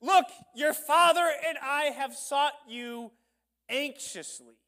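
A man voicing a frantic, exasperated mother scolding her lost son in a shrill voice. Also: slow pace, heavily acted. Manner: shrill, exasperated, high and loud.

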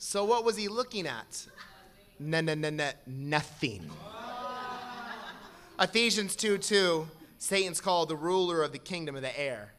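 A man preaching a sermon to a congregation, moving from quiet explanation to shouted exhortation. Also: a little high, lively intonation, unhurried.

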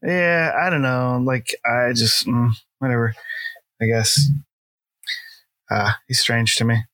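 A man's voice: mid-range voice, steady tone, takes it slowly, bright, forceful tone, dry recording. A middle-aged man chatting casually about a film, rambling with lots of fillers and laughing often. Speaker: podcast co-host. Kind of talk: casual film review chat.

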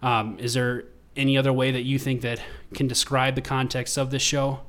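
Male podcast co-host, mid-pitched, relaxed and conversational with filler words. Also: moderate pace. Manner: relaxed, lots of ums and uhs. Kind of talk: casual podcast chat.

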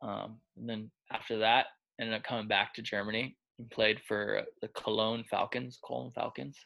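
A man's voice: lowish voice, flat delivery, moderate pace, creaky, pushed and bright. A man who coaches quarterbacks, telling stories in a casual interview in a loose, chatty way, full of filler words. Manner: loose and chatty, heavy with filler words, acts out quoted lines.

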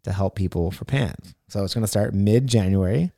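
A man co-hosting a casual late-night podcast, talking bluntly with lots of swearing and ranting loudly at times. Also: fairly low pitch, fairly quick, vocal fry, no echo, studio quality. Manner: blunt, profane, gets loud and ranting. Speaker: podcast co-host and jiu-jitsu coach.

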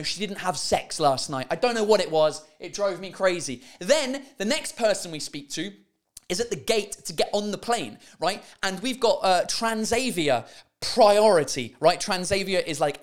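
A man's voice: sits high, fairly bright tone. A man hosting a podcast, telling a story as an exasperated, profane comic rant. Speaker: podcast host.

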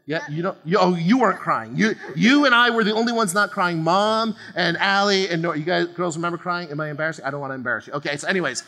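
A pastor from New Jersey, a man in his forties, preaching a lively sermon to a congregation in a casual, joking way and tagging "okay?" onto nearly every phrase. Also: sits high. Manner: chatty, keeps adding "okay?", quick laughs. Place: large church auditorium. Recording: long hall reverb of a church auditorium.

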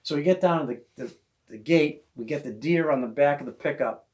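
A man's voice: on the high side, a little fast. Casual man telling a hunting story. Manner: animated storyteller who acts out voices of others. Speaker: podcast host.

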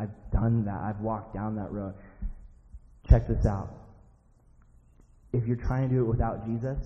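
Young man, casual emphatic sermon, very dark mellow voice, long hall reverb. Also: mid-range voice. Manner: casual, emphatic, conversational preaching with lots of "like". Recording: dull sound in a reverberant hall.

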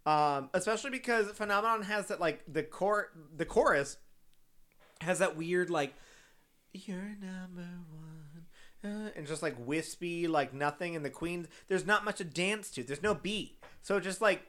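A man's voice: high voice, moderate pace, bright, forceful tone. A man from Texas casually chatting and recapping a TV show with a co-host, swearing freely. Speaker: podcast co-host.

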